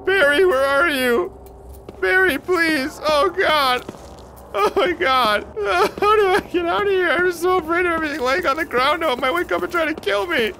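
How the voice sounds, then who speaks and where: A man's voice: very high voice, fairly quick, bright, forceful tone, slight background noise. A man giving let's-play commentary on a horror game, jumpy, often shrieking and laughing nervously. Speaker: gaming commentator. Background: game music.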